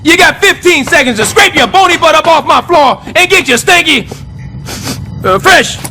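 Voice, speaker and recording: An actor voicing a blustering middle-aged building super in an animated sitcom, boastful and sarcastic. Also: male voice, very high voice, moderate pace, slight background noise, exaggerated voice.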